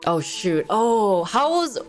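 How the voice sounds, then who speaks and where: A woman chatting casually on her livestream, rambling from thought to thought and giggling often. Her pitch swings up and down in a lively way. Faint music plays behind her. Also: slow. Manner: rambling, giggly, heavy use of "like". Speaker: livestream host.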